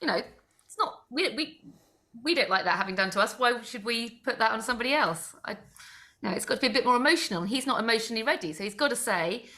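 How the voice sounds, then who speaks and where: A woman with a bright, clear voice pitched a little high talks in a casual chat. She is thoughtful and chatty, reasoning each point through aloud. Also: lively intonation, fast. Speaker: co-host.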